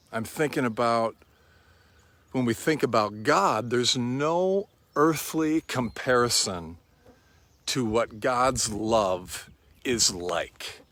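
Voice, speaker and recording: A man preaching a sermon in a slow, reflective and quietly earnest way. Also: mid-range voice.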